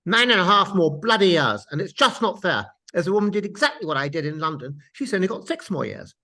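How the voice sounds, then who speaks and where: A man's voice: medium pitch, expressive, moderate pace, fairly bright tone, natural voice. A man putting on the posh voice of a bitter female prisoner, indignant and aggrieved.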